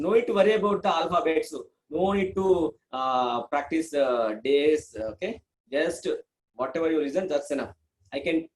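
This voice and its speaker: A man with an Indian English accent, teaching a beginners' language lesson, repeating himself often and filling pauses with "uh" and "okay". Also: rough recording. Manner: repeats himself, many fillers, lively pitch swings.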